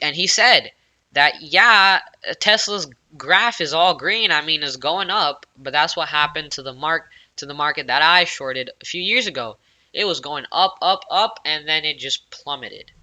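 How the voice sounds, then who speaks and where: A man giving casual, excitable tech news commentary as a YouTuber, rambling with plenty of fillers. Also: a little high.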